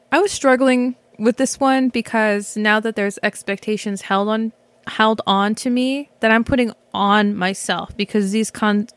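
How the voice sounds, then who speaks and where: A woman's voice: medium pitch, dry recording. Rambling woman in casual commentary. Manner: rambling, many fillers and restarts, swears casually. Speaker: podcast host. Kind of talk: casual self-reflective commentary. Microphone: microphone.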